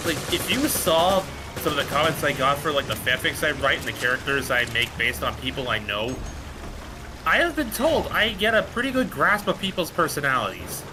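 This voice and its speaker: A man chatting playfully through a gaming stream. His pitch swings widely, and clear music plays behind his voice. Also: big pitch swings, brisk. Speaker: streaming guest. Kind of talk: casual chat while gaming.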